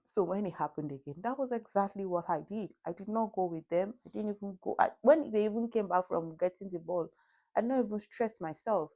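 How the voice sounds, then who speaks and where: A woman in her thirties with a Nigerian accent, talking calmly through parenting tips, laughing often and asking the listener questions. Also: mid-range voice, a little fast. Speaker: parenting video host. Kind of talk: casual advice talk to camera. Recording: dull lo-fi recording.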